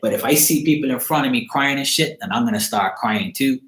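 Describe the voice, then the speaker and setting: In an echoey room in his apartment, a man who reads psychic cards spins a casual, profane, meandering story. His medium-pitched voice is a bit bright and fairly quick.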